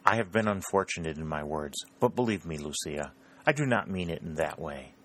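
A man's voice: deep voice, expressive, a little fast, a bit bright. A man reading an ardent young captain. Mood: pleading. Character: ardent young Southern army captain in love. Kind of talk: audiobook character reading.

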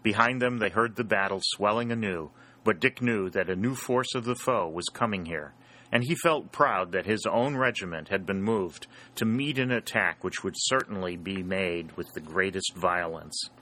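A man reading an adventure story aloud as its narrator, in a steady, dramatic storytelling manner. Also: low-pitched, normal speed. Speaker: audiobook narrator. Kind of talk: scripted narration.

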